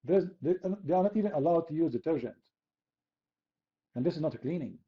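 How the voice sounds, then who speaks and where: A man's voice: a little high, expressive, brisk, husky, lo-fi sound. A man from the Middle East, hosting an online chat room debate in a sarcastic, mocking, argumentative way. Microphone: computer mic.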